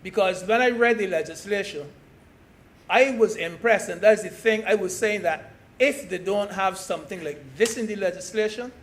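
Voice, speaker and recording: A man from Barbados giving a parliamentary speech as a senator, slow and deliberate, stressing key words. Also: sits high, fairly bright tone, a little hiss or hum. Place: senate chamber.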